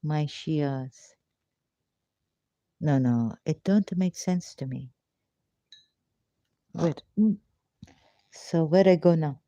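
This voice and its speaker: Her low, warm voice moves very slowly, with long pauses, as she reads a religious text and interrupts herself with pleading, emotional rhetorical questions. The speaker is an ex-Muslim commentator, and the dull, lo-fi audio is dry with no room sound.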